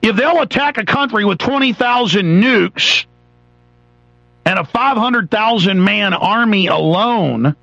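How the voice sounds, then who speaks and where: A man's voice: high voice, animated, measured pace, gravelly, bright, forceful tone, dry recording. A man, hosting a radio show, delivers an angry, sarcastic political rant, sometimes mocking the voices of others. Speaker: radio host. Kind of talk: ranting political talk radio monologue. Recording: dull lo-fi radio broadcast.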